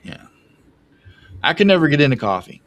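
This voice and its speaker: A man's voice: on the high side, big pitch swings, moderate pace, a bit bright. A man telling rambling family stories on a podcast, laughing often at himself. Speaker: podcast guest. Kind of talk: casual storytelling.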